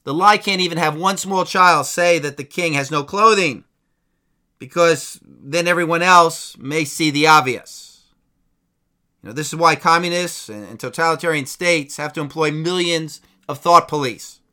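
A man's voice: on the high side, moderate pace, bright, forceful tone. A male preacher giving an emphatic, combative sermon.

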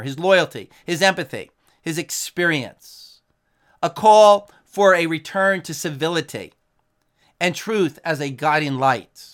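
Man, preacher, higher pitch, earnest, emphatic, sermon. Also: fairly bright tone. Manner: earnest, emphatic, reads quotes aloud. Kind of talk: sermon with scripture and news quotes.

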